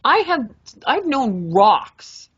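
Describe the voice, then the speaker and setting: A young adult woman co-hosting a podcast, telling a story in a lively, animated way, swearing freely and acting out her own reactions. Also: high-pitched, extremely slow, breathy edge, no room sound. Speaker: podcast co-host. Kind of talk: casual storytelling chat. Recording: dull lo-fi podcast mic.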